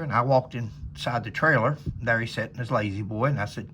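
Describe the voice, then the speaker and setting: A folksy man with a bright, forceful voice spins a casual story about his days as a police officer. He rambles comfortably from one detail to the next, with a faint hum of background noise. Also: medium pitch, a little fast, hardly any pauses.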